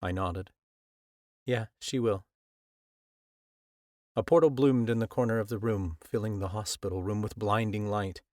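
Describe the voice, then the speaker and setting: A man with a low voice reads a first-person audiobook in a measured, earnest way. The recording is close and very dry, with no room sound at all. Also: darkish tone, no echo. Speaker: audiobook narrator. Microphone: close studio mic.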